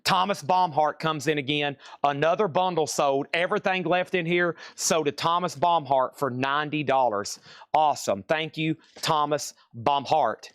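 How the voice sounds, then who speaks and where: A man's voice: fairly high pitch, normal speed, a bit bright, smooth, dry recording, clean studio sound. A man hosting a live-streamed record auction, joking around and repeating items and prices. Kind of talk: live-stream sales patter.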